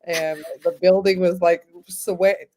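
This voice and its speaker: A woman hosting a casual chat, easygoing and quick to laugh at her own stories. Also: lowish voice, steady tone, dark tone, a little hiss or hum. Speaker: host.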